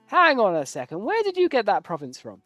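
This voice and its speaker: A man's voice: high voice, huge pitch swings, a little fast, fairly bright tone, no room sound, faint music behind. A man giving casual, rambling live commentary while playing a strategy game, joking at his own expense and swearing now and then. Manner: rambling, jokey, self-deprecating.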